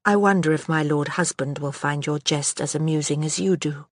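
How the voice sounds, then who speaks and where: A woman's voice: normal speed, dry recording, studio quality, close to an everyday voice. A woman reading an audiobook, voicing a proud empress who speaks coldly and commandingly. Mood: icy. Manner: cold, low and clipped.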